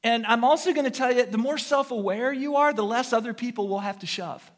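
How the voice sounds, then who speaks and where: A man's voice: very high-pitched, a little fast. A middle-aged American man preaching a sermon as pastor, telling stories with humor and imitating horn beeps. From United States. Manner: animated, humorous storytelling with vocal sound effects.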